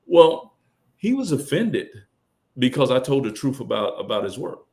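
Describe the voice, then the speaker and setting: A middle-aged man speaking as a podcast guest, telling colloquial stories, acting out other people's lines, and swinging from loud bursts to hushed asides. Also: mid-range voice, big pitch swings, normal speed. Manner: colloquial, quotes others in character. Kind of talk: casual storytelling on a podcast.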